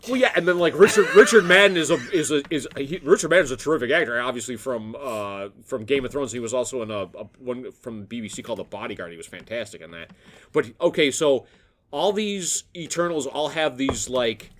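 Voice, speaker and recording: A man's voice: mid-range voice, a little fast, fairly bright tone, slight background noise. A man co-hosting a podcast in casual chat, rambling with frequent restarts. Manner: rambling, restarts and self-corrections. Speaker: podcast co-host.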